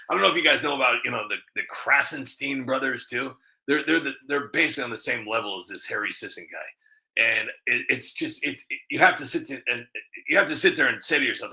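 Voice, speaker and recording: Rambling man with a bright voice. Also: medium pitch, fairly quick, rough recording. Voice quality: a bit rough, smoker-like. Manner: rambling, candid, laughing at himself. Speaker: comedy video creator. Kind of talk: casual commentary to camera.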